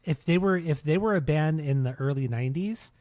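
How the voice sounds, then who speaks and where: A man's voice: on the high side, a little fast, a little mellow, no echo. A man in his thirties hosting a casual podcast, rambling and swearing with lots of restarts. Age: 30s. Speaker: podcast host.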